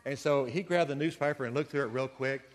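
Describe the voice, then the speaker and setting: Folksy preacher in a reverberant church. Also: male voice, medium pitch, quick pace. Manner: conversational, folksy, with storytelling asides. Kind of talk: sermon. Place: church sanctuary.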